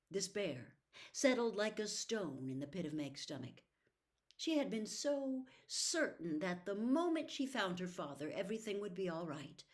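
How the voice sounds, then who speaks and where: A woman narrating a novel aloud in an expressive storytelling manner. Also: medium pitch, moderate pace. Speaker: reader. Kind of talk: audiobook narration.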